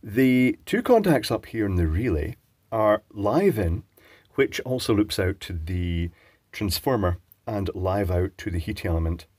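A man's voice: fairly low pitch, lively intonation, unhurried, darkish tone, no room sound. A man presenting an electronics teardown, musing and chatting as he thinks aloud while working. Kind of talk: casual talk-through while taking apart a device.

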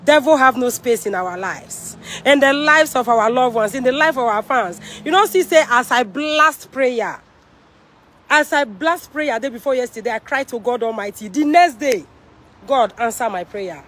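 Nigerian lady streaming live, preachy and loud-ish, says things twice, pidgin mixed in. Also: fairly high pitch, animated, moderate pace, slight background noise. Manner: emphatic, declaiming, repeats phrases; mixes Pidgin with English. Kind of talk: livestream talk with preaching.

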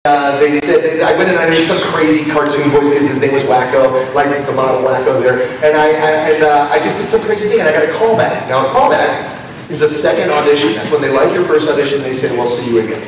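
A man, a voice actor, telling an animated anecdote in an interview and slipping into quick impressions. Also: a little high. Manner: animated storyteller, slips into impressions. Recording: echoey hall from far off, faint noise.

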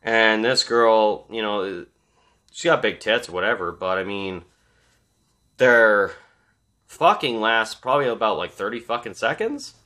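Male reviewer with a bright, sharp voice and a loose, swear-filled, animated recap style. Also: lowish voice, measured pace. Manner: animated, swearing constantly, laughing asides. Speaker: movie reviewer. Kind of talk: casual profane film recap.

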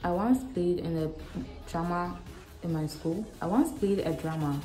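A young woman chats frankly through a casual Q&A vlog, teasing herself as she goes. Her voice sits low and mellow. It rings in an echoey room with faint music underneath. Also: moderate pace. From Ghana. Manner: frank, animated, self-mocking. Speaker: vlogger.

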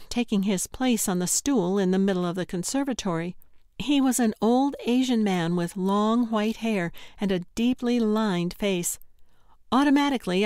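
A woman's voice: medium pitch, a little mellow, no echo. Woman narrating an audiobook, dry sound. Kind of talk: scripted first-person narration.

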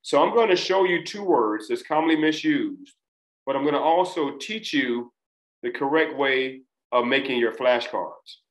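Male test-prep tutor, mid-range pitch, easygoing classroom delivery. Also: normal speed, low-quality recording. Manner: relaxed, conversational teaching with fillers. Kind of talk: casual spoken lesson.

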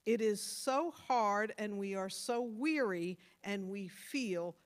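A woman pastor giving a sermon, earnest and motherly, stressing points hard and then dropping to soft tones. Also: mid-range voice, slow pace. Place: church.

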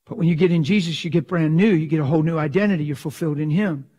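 Emphatic male preacher with a higher voice. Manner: emphatic, swings from loud drawn-out questions to hushed prayer; asks the crowd for assent. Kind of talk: sermon.

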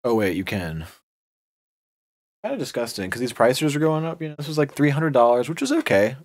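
A man's voice: mid-range voice, big pitch swings, a little fast. A young man hosting an unboxing video, talking in a casual, sarcastic and rambling way.

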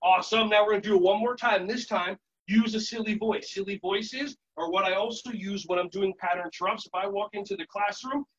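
A high-pitched man running a lively live workshop, switching between quick explanations, sing-song chanting and sudden shouted calls. The sound is dull and lo-fi, like streamed conference audio. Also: slight background noise. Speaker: children's yoga and martial arts instructor. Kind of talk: live virtual workshop demonstration.

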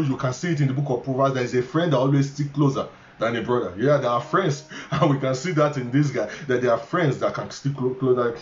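Preaching in a church hall, this Nigerian-accented pastor has a mid-range voice and leans on repetition and emphasis, with stammered restarts and little chuckles along the way. Slight background noise and faint ambience sit in an echoey, dull church recording.

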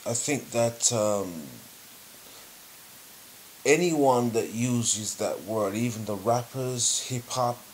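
A man giving spoken commentary in a measured, deliberate way, pausing between phrases. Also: medium pitch, slight background noise. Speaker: video commentator.

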